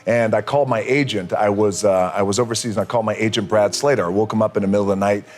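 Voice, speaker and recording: A middle-aged man, an actor, answering interview questions and telling anecdotes in an animated, storytelling way. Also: lowish voice, very fast. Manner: animated storyteller, acts out dialogue.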